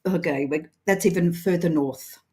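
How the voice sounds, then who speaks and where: A woman's voice: fairly low pitch, moderate pace, a little mellow. A woman co-hosting a casual live-stream chat, chiming in with short echoes and greetings. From Australia. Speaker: podcast co-host.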